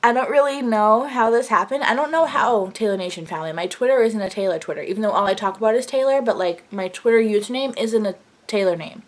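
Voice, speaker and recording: A young woman vlogger telling an excited story in a gushing, breathless way, full of fillers. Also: fairly high pitch, fast talker.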